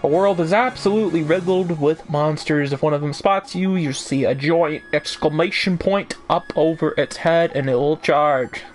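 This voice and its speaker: A chatty little fairy man, as a streamer puts him on, in a hammy mock Irish accent that keeps drifting Australian. The voice sits fairly high and swings about playfully. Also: big pitch swings, a little fast, faint music behind. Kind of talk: reading game lines aloud on a stream.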